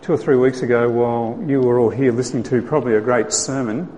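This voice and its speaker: A man's voice: mid-range voice, steady tone, fast, mellow, a little hiss or hum. A man giving a sermon in a conversational, storytelling way, earnest and direct. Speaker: preacher. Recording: long hall reverb, faint ambience.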